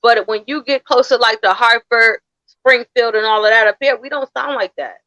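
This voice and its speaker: A woman's voice: fairly high pitch, fairly even intonation, normal speed, bright, forceful tone, no room sound, low-quality recording. A woman from Connecticut co-hosting a podcast, easygoing and explaining things with repeated phrases. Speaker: podcast co-host. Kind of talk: casual chat.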